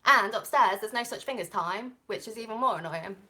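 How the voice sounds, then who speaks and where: A woman's voice: medium pitch, fairly quick, sharp tone. A young Englishwoman with an English accent reading tarot on a live stream, chatting and rambling off on tangents. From England. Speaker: tarot reader.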